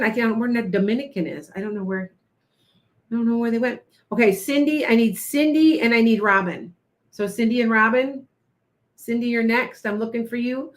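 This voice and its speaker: A woman giving live tarot readings to viewers, talking in a chatty, repetitive, coaching way. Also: medium pitch. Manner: chatty, repeats herself, coaching tone. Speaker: tarot reader.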